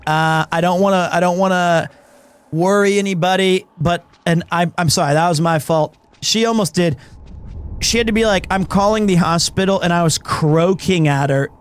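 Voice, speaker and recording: A young man, hoarse and recovering from illness, chatting casually and in a rambling, self-deprecating way while streaming a game. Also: high-pitched, moderate pace. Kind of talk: casual chat while gaming.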